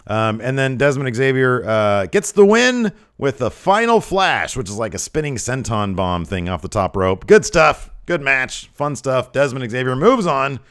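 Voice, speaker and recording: A man's voice: medium pitch, very animated, measured pace, few pauses, fairly bright tone, clean tone. A man hosting a podcast, casually recapping a wrestling show with lots of ums and rambling asides. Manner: mimics wrestlers in raised voices when quoting. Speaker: podcast host reviewing wrestling.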